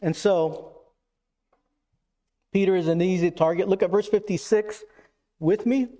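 A man preaching a sermon in an earnest, emphatic way, acting out quoted lines with shifts in pitch and pace. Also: fairly even intonation, a little slow, warm tone. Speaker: pastor.

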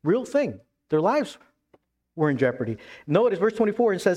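A man preaching a sermon as pastor, emphatic, then dropping to hushed tones. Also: high-pitched, big pitch swings, moderate pace.

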